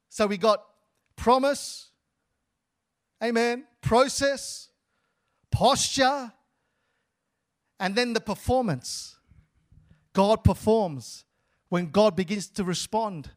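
A man's voice: sits high, slow pace, pauses often. A male pastor preaching a sermon, repeating words and calling for responses from the church.

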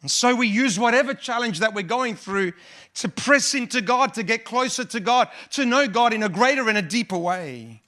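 A man's voice: extremely high pitch, lively intonation, normal speed, sharp tone. A male pastor preaching a sermon, emphatic and repetitive, building up his points. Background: instrumental music.

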